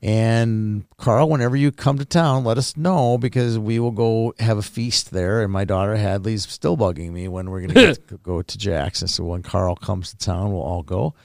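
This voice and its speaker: A man's voice: lowish voice, moderate pace, creaky, hardly any pauses, a little mellow, dry recording, studio quality. A man hosting a podcast in casual chat, teasing his co-host and working in sponsor plugs conversationally.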